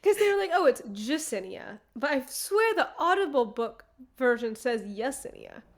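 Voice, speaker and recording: A woman co-host in a casual podcast book chat. She gushes eagerly over the story. Her voice sits a little high. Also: animated, moderate pace. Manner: enthusiastic, gushing.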